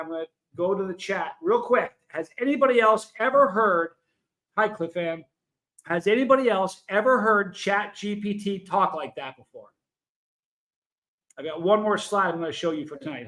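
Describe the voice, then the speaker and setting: A man's voice: sits high, sharp tone, rough recording. A man hosting a livestream in a casual, emphatic way, telling a story and speaking directly to viewers in the chat. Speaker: livestream host.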